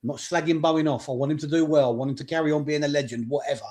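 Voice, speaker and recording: A man's voice: a little high, fairly even intonation, very fast, a little mellow. A man from England co-hosting a football podcast, blunt and joking, swearing casually. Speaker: podcast co-host.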